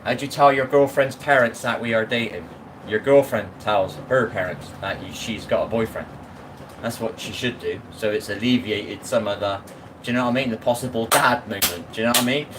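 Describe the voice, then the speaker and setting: A man's voice: on the low side, a little fast. Guy rambling to his stream chat at the sink, blunt and chatty, noisy background. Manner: chatty, blunt, keeps asking "you know what I mean?". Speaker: live streamer. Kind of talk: casual live-stream chat.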